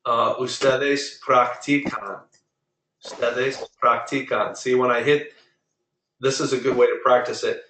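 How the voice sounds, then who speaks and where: A man's voice: mid-range voice, fairly even intonation, unhurried, roomy sound, noisy background. A man teaching a Spanish class online, drilling verb forms and correcting pronunciation patiently. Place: online video meeting.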